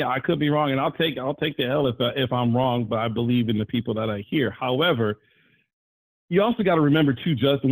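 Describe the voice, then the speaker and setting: A man calling into a live sports talk show, rambling and animated, often jumping his voice up to quote people. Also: mid-range voice, dry recording, poor audio. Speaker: caller.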